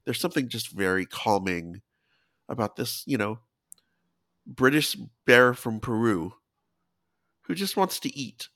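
A man's voice: mid-range voice, lively intonation, a little slow, pauses often, a bit bright. A man co-hosting a podcast, chatting casually and enthusiastically with a playful edge. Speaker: podcast co-host. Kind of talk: casual chat.

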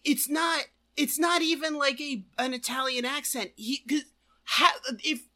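A woman's voice: on the high side, pushed and bright. A woman co-hosting a casual movie-review podcast, mocking the film and swearing. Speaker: podcast co-host.

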